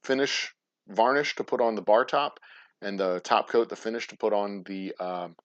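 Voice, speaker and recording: Man, low-pitched, rambling and profane, dull lo-fi stream sound. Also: moderate pace. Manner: rambling, profane, stumbles and restarts often. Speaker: host of a distillery livestream. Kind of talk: casual livestream chat. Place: room in his distillery. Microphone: plugged-in mic at the desk.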